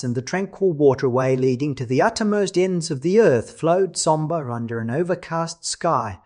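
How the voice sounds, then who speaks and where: Dramatic male audiobook narrator. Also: a little high. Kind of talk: expressive audiobook reading.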